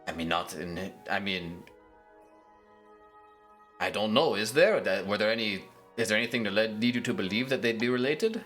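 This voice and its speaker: A man's voice: fairly low pitch, animated, normal speed, pauses often, a bit bright, soft background music. A man as game master of a tabletop game, talking casually and thinking aloud.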